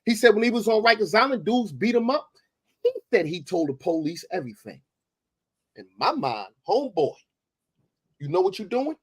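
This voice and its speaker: Confrontational New man, husky and higher-pitched, lecturing in a debate. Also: very animated, normal speed, pauses often. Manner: confrontational, preachy, repeats for emphasis. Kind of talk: heated online debate.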